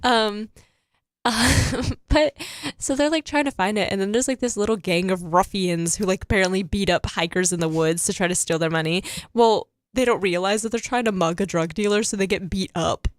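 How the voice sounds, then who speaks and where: A woman's voice: medium pitch, moderate pace, dry recording. Chatty teen girl, laughing a lot. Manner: chatty, laughs often, heavy use of "like". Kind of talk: casual chat about a movie.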